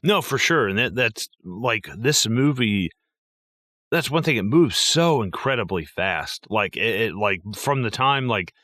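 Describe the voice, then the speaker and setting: A man co-hosting a casual movie podcast, swearing freely and acting out quotes in an animated way. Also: fairly low pitch, measured pace, dry recording. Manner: animated, profane, acts out quotes. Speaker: podcast co-host.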